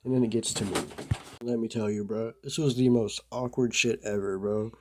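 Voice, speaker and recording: A young vlogger with a lowish voice talks at a moderate pace and fairly even intonation. He tells the camera a rambling, laid-back story stuffed with filler words, slang, and lots of "bro" and "like".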